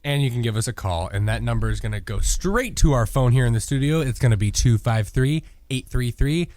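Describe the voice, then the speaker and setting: A man's voice: medium pitch, lively intonation, brisk, darkish tone, dry recording. A man co-hosting a morning radio show in the studio, dropping wisecracking one-liners. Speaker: radio co-host.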